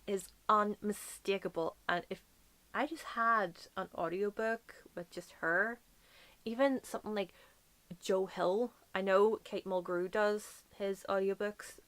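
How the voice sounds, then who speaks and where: A woman's voice: mid-range voice, a bit bright. A woman from Northern Ireland with a light Northern Irish accent, chatting casually to camera as a book vlogger, gushing and playful with whispered asides.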